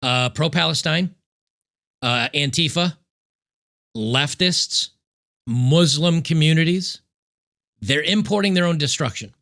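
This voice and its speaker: Gravelly, bright-voiced male commentator. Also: a little high. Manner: sarcastic, emphatic, repeats key points slowly. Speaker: political commentary host. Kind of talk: opinionated commentary over news clips.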